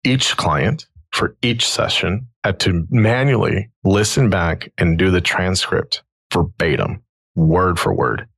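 A man with a low, gravelly, husky voice tells a story in a relaxed, chatty way. He is middle-aged and sounds like a podcast host. The sound is close and dry. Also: slow pace, dry recording. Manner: animated storyteller, quoting others in his own voice. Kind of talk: casual storytelling conversation.

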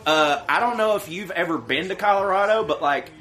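Football pod cohost, bright sharp voice, rambly and swears a lot. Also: male voice, high-pitched, brisk. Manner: rambling, profane, animated storytelling. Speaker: podcast co-host. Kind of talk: casual chat.

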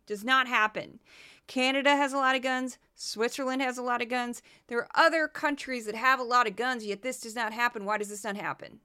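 A woman's voice: a little high, steady tone, fairly quick, bright, forceful tone, clear, resonant tone. A woman from the American Midwest hosting a commentary podcast, talking in a sarcastic, mocking way. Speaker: podcast host.

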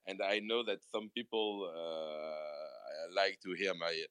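A man's voice: low voice, slow, fairly bright tone, clean tone, no echo, poor audio. A man with a French accent, a native French speaker, hosting a casual morning show with eager, repetitive talk and many fillers. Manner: enthusiastic, repeats words and fillers. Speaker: podcast host. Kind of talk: casual chat.

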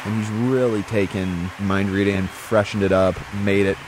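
A man talking as a podcast guest about his work as a mentalist, in an animated, quick way. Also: lowish voice, heavy background noise. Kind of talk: casual conversation.

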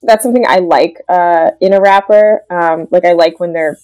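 A woman's voice: fairly low pitch, moderate pace, warm tone, clean tone, low-quality recording. A woman guest on a casual music podcast, talking thoughtfully and murmuring agreement often. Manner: thoughtful, frequent affirming murmurs.

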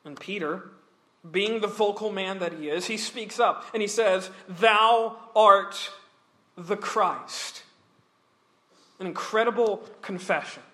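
A man's voice: high-pitched, moderate pace, fairly bright tone. A man preaching a Bible study sermon, talking earnestly and emphatically, with some restarts. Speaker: pastor.

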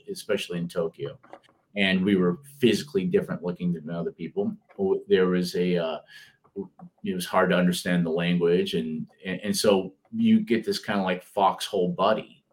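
A middle-aged man with a Detroit accent talks in a low voice. He rambles through casual podcast conversation, stopping and restarting his sentences with plenty of fillers. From Detroit area, US.

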